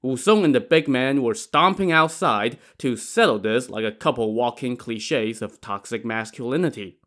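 A man's voice: medium pitch, moderate pace, a bit bright. A man hosting a podcast, narrating a classic tale in a wry, conversational manner. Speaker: podcast host and storyteller. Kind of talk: scripted story narration.

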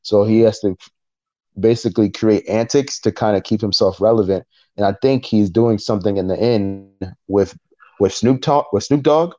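A man co-hosting a podcast in casual chat, retelling events in an animated way and acting out what people said. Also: fairly low pitch, moderate pace. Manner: animated storytelling, acting out quotes. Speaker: podcast co-host. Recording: dull lo-fi recording.

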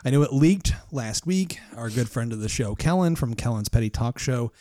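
A man's voice: medium pitch, animated, moderate pace, warm tone, no echo, clean studio sound. Blunt, foul-mouthed male film podcast host. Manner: swears freely, blunt, says "I mean" a lot. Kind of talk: casual chat about films.

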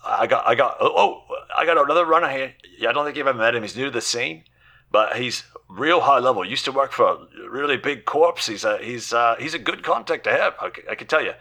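A man voicing a pushy, shady street fixer with a Cockney-style London accent who talks fast and dodges questions. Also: mid-range voice, expressive, sharp tone.

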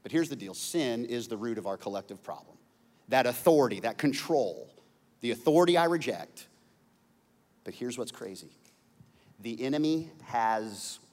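A man preaching a sermon as a pastor, conversational, stumbling over repeated words and building to loud emphasis. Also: medium pitch. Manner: conversational, repeats words when searching, jokes and laughs, climbs to shouting. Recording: long hall reverb.

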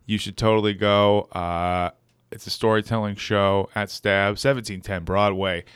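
A man hosting a podcast, chatting casually and rambling through jokes with loud bursts. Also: fairly low pitch, little pitch movement, a little slow, clear, resonant tone, no room sound, studio quality. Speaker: podcast host. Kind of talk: casual comedic chat.

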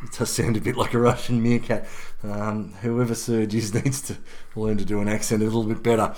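A man's voice: lowish voice, flat delivery, fairly quick, darkish tone. A man hosting a podcast, chatting casually in a wry, teasing way and laughing easily. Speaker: podcast host. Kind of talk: casual motorsport chat.

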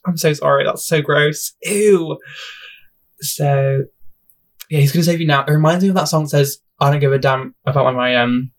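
A young man hosting a casual solo podcast, rambling and self-deprecating, often laughing at himself, talking into a home mic. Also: a little high. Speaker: podcast host.

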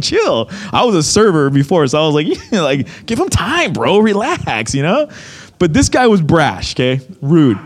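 A young man preaching a sermon, telling a story with lots of acted-out quotes. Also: on the high side. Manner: animated storytelling, acts out quotes. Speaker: pastor.

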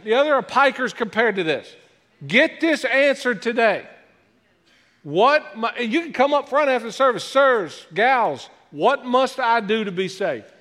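Animated high-voiced pastor preaching in a hall. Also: male voice. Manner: self-deprecating joking asides, animated delivery. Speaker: guest pastor. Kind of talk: sermon. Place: church sanctuary. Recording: long hall reverb.

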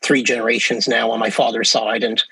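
A man's voice: medium pitch, level tone, a little fast, vocal fry, bright, forceful tone, breathy edge, no echo, poor audio. A man with an English Canadian accent, a professor chatting easily as an interview guest, with many fillers and restarts. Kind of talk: casual interview talk.

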